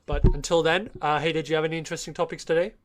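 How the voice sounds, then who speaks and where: A man's voice: fairly high pitch, level tone, racing. A young man co-hosting a podcast, mocking his friends in playful casual banter. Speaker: podcast co-host.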